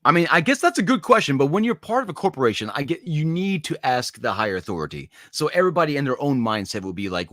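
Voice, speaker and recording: A man's voice: on the high side, fast talker, few pauses, no room sound, studio quality. A man on a podcast, talking casually and reasoning out both sides of the question. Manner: reasoning, even-handed.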